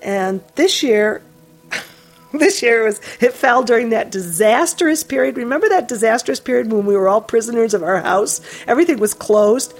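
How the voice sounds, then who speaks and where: Chatty woman telling a casual story. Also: a little high. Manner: chatty, laughing, soft asides.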